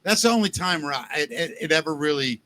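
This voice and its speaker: A middle-aged man hosting a casual podcast chat, telling stories in an animated way, acting out quotes and swearing freely. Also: fairly high pitch, fast talker, slight background noise. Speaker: podcast host.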